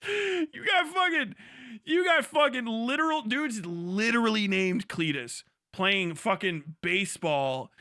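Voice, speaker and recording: A very high-voiced man rants live in disbelief and swears through every line. His tone is bright and forceful. The recording is close and dry. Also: takes it slowly, no room sound. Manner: profane, incredulous, animated. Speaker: livestreamer. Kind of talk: crude reaction commentary.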